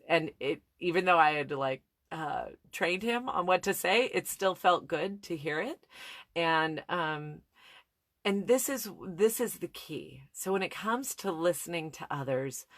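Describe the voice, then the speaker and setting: A woman's voice: sits low, a bit bright, no room sound, studio quality. A woman in her thirties giving a reflective personal talk on listening, candid and thoughtful, often restarting her sentences. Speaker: speaker on listening skills.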